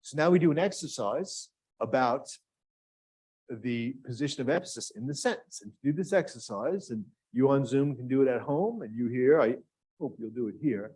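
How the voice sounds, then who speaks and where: A man's voice: medium pitch, lively intonation, moderate pace, a little mellow, breathy edge. A man teaching a grant writing workshop to a live room and online audience, asking questions and drawing the listeners in. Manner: engaging, asks the audience questions. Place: classroom with live and remote audience.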